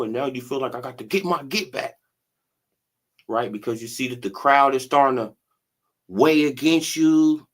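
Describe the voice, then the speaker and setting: An animated man hosts a casual livestream about boxing. He talks in loose slang, laughs a lot and keeps checking in with "right?" and "bro". His voice sits at an ordinary middle pitch for a man. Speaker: boxing commentary channel host.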